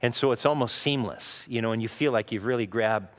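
A man's voice: mid-range voice, fairly quick. A man preaching a sermon as a pastor, teaching in an earnest, conversational way with frequent asides. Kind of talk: expository sermon. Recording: long reverb of a large hall.

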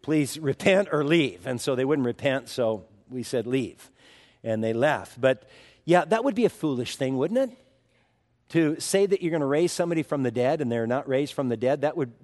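A man's voice: on the high side, a little mellow. Man preaching in a reverberant church. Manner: conversational, wry asides. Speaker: pastor. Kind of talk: expository sermon.

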